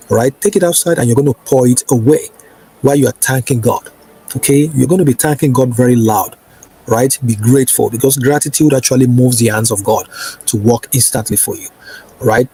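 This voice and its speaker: A man giving a spiritual teaching, coaxing listeners with repeated "okay" and "right" and slowing into declarative prayers. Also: mid-range voice, mellow, husky, rough recording. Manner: slow, declarative prayer lines. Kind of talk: instructional preaching to camera.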